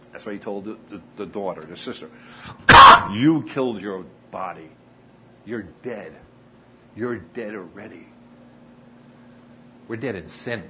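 A man preaching a sermon, telling stories earnestly with frequent pauses and acted-out dialogue. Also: lowish voice, pushed and bright, a little hiss or hum, low-quality recording. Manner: earnest, pauses often, acts out quoted dialogue. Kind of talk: sermon storytelling.

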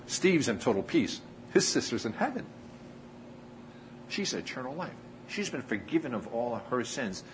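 A man preaching a sermon, telling stories earnestly with frequent pauses and acted-out dialogue. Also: mid-range voice, big pitch swings, a little hiss or hum, poor audio. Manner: earnest, pauses often, acts out quoted dialogue. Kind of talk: sermon storytelling.

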